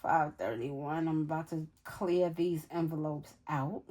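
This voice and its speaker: A woman's voice: deep voice, steady tone, a little slow, a little mellow, slight background noise. A woman in her forties from New York City, chatting casually and counting money aloud as she tells stories. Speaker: budgeting vlogger. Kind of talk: casual chat while cash stuffing.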